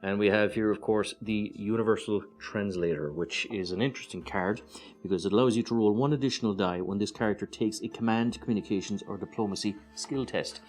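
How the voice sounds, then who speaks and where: Low-voiced Irish man reviewing cards. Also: fairly quick, faint music behind. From Ireland. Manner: relaxed, hesitant with many um and uh, chatty asides. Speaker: board game reviewer. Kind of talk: casual card-by-card walkthrough.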